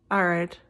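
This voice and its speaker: A woman's voice: fairly low pitch, vocal fry, fairly bright tone. A tired young woman vlogging casually, giddy and giggly, rambling with many restarts.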